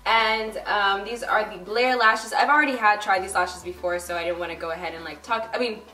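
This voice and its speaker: A woman's voice: mid-range voice, steady tone, a little fast, sharp tone, distant mic. A young woman talking casually through a makeup tutorial, chatty and bubbly, with lots of fillers. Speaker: beauty vlogger. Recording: roomy echo, a bit off-mic. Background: faint background music.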